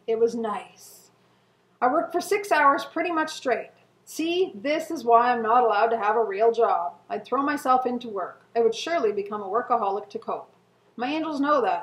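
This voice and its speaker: A middle-aged woman reading her old journal entries aloud to viewers in an earnest, emotional way, with soft laughs and sighs. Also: on the high side. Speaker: co-host. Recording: echoey room.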